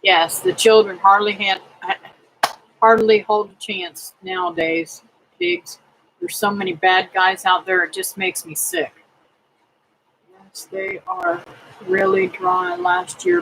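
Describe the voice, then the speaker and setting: A middle-aged woman hosting a casual livestream, praying aloud and chatting with viewers in a slow, homely way. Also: very high-pitched, creaky, fairly bright tone, slight background noise, low-quality recording. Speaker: homestead livestream host. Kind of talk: casual livestream chat reading comments.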